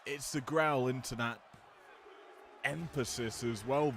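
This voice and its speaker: A man calling a wrestling match play-by-play, drifting between relaxed chatty asides and louder calls on big moves, with a slight growl in his voice. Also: medium pitch, a little slow, soft background music. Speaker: wrestling commentator. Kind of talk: play-by-play commentary on a simulated match.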